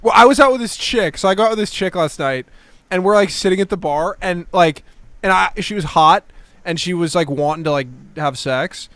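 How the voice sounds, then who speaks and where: High-voiced man telling animated stories. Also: brisk, dry recording. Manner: animated storytelling, swearing, calls people dude. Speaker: podcast co-host. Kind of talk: casual chat.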